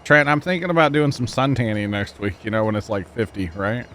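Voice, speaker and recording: Young male streamer host, relaxed rambling banter, medium pitch. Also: brisk, a little hiss or hum. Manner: laid-back, rambling, chatting with friends and chat. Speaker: livestream gaming host. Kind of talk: casual chat with stream viewers. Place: cold home room with heaters.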